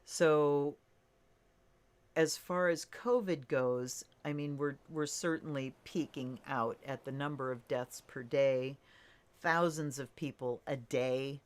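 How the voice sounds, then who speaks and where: Slow, low-voiced woman reading tarot. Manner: relaxed, thinking aloud with fillers and soft laughs. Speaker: tarot reader. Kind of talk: casual tarot reading to camera.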